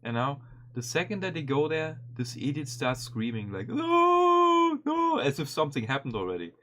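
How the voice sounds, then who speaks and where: A man streaming and commenting casually on a video, animated and swearing often, with frequent restarts. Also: mid-range voice, fairly quick.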